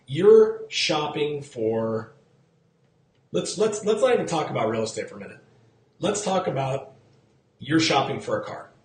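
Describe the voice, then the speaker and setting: A man's voice: medium pitch, very animated, brisk, echoey room. Chatty man hosting a live real estate show. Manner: chatty, repeats key figures, quizzes and greets viewers. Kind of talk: live-streamed market talk. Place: outdoors in the sun.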